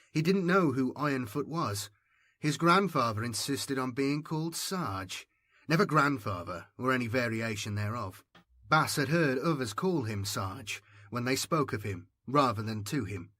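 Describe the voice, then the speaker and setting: A man narrates an audiobook in a steady, measured storytelling voice. His voice is mid-range, and the recording is dry.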